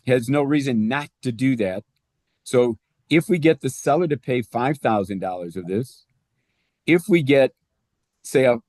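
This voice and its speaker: Casting: male presenter, casual explainer of numbers, dry close sound, mid-pitched. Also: a little mellow, no echo. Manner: conversational, walks through numbers step by step. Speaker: real estate presenter. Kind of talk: explaining loan math to realtors.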